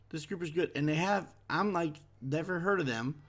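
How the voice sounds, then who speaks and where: A man's voice: fairly high pitch, normal speed, few pauses, a bit bright, soft background music. A man chatting casually as he reacts to a concert video, wondering aloud and easily impressed.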